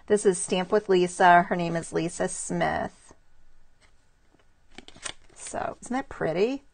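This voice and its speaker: A woman's voice: on the low side, takes it slowly, gravelly. Chatty woman showing handmade cards. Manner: chatty and admiring, greets viewers by name. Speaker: stamping demonstrator showing cards to live viewers. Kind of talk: casual live craft show-and-tell.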